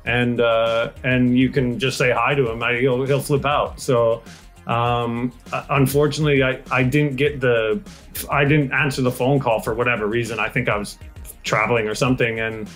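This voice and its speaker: A man's voice: medium pitch, level tone, normal speed, fairly bright tone, faint music behind. A middle-aged man from Alberta, Canada, a guest comedian telling a story in casual chat, hesitant with many fillers.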